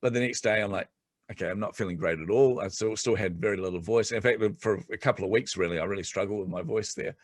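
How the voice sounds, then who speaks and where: Give me a fast, lively middle-aged man with a fairly low voice telling stories on a podcast. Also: dry recording. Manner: fast, animated storytelling, laughs often. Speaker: guest entrepreneur. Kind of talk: casual podcast chat.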